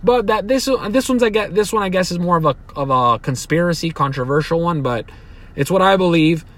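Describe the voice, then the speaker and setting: Profane, heated podcast host. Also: male voice, sits high, expressive, a little fast, a bit bright. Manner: profane, heated, rambling with restarts. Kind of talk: opinionated solo podcast monologue.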